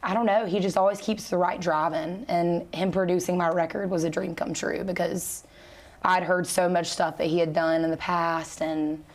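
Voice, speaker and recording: A woman singer being interviewed, talking in a relaxed, chatty way with easy laughs and plenty of fillers. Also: lowish voice, normal speed. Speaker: country singer and guest. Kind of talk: casual interview chat.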